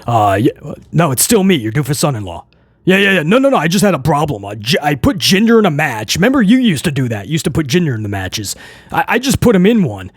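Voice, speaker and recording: A man's voice: big pitch swings, fast, breathy edge, no room sound, studio quality. A man doing a mocking impression of a flustered wrestling boss, stammering and pleading on a phone call. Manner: stammering, mock-deep and pleading. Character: flustered stammering male wrestling boss begging his father-in-law on the phone.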